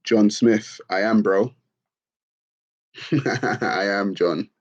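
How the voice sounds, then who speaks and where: A middle-aged man, casually chatting on a livestream and reading out comments, laid-back and quick to laugh. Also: lowish voice. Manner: laid-back, laughs often, calls people bro. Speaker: livestream host. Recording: dull lo-fi stream audio.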